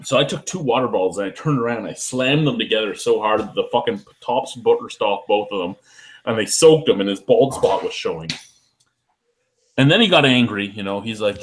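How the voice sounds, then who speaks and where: A man's voice: lowish voice, fairly quick, slight background noise, poor audio. A man hosting a beer review show, telling rambling, profane stories in casual chat while a little tipsy.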